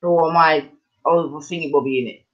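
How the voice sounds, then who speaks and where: Man, podcast co-host, thinks out loud, keeps asking if you follow. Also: a little high, fairly even intonation, brisk, dull audio. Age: adult with children. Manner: musing aloud, keeps checking the listener follows. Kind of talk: casual chat.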